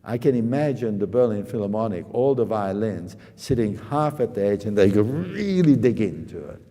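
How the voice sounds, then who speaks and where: A man's voice: lowish voice, animated, moderate pace. A male piano teacher coaching a student in a master class, speaking emphatically and singing phrases on pa and da syllables. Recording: long reverb of a hall with loud piano. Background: piano playing.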